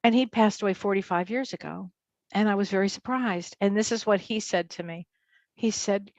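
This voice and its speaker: Animated woman telling a story. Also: moderate pace, no room sound, highs cut off. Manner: animated, acts out quotes in high voices. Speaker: psychotherapist and medium guest. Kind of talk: storytelling in an interview.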